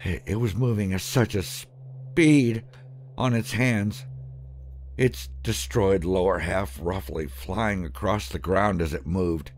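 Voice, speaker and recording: A man narrating a first-person horror story, halting and breaking off mid-sentence. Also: low-pitched, slight background noise. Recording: background music under voice.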